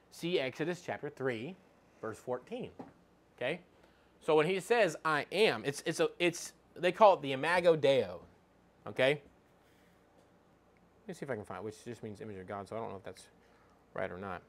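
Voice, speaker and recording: A man with a medium-pitched, fairly bright voice gives an informal, conversational Bible teaching. He reads scripture aloud and hunts for verses as he goes.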